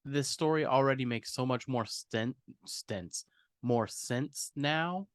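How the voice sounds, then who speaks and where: Brief: a woman with a very deep voice co-hosts a podcast. She reacts to stories in a laid-back, slangy way, with a close, dry sound. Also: slow, no room sound. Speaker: podcast co-host. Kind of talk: casual chat.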